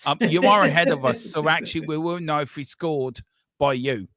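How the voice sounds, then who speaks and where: Host, male, bright and dry-toned, excitable live match caller. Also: a little high, normal speed, dry recording. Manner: excitable, running commentary with banter. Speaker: watchalong host. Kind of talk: live football play-by-play.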